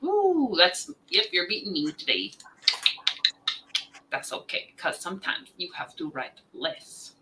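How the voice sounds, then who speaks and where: A woman's voice: low-pitched, expressive, measured pace, pauses often, noisy background. A woman co-hosting a live stream, chatting casually and thinking aloud as she works. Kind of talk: casual chat.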